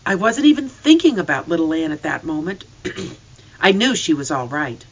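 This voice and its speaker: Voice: mid-range voice, lively intonation, normal speed, fairly bright tone, muffled recording. A reader narrating a storybook in first person with an earnest, emotional delivery.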